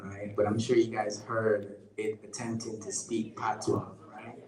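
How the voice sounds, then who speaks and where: A man's voice: on the low side, level tone, normal speed. A man giving a conversational public lecture with a live demo, often checking in with the audience. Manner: conversational, keeps checking in with "right?". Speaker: guest lecturer. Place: event space at a museum. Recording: echoey lecture room.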